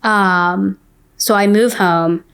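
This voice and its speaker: A woman at a middle pitch talks openly about her own past as a podcast guest. Her storytelling is loose and conversational, scattered with "like" and "um." The delivery stays frank and unpolished. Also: steady tone, very slow, a bit bright, smooth. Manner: candid, says "like" often. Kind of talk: casual personal storytelling.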